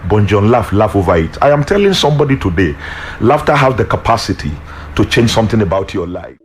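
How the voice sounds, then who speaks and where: Nigerian pastor telling an animated story. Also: male voice, lowish voice, fast talker. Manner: animated, acts out story voices. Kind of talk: sermon with storytelling.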